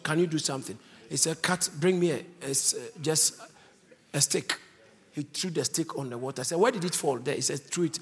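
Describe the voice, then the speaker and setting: A man's voice: on the high side, fairly bright tone. A man preaching a sermon, emphatic, stretching out key words for weight.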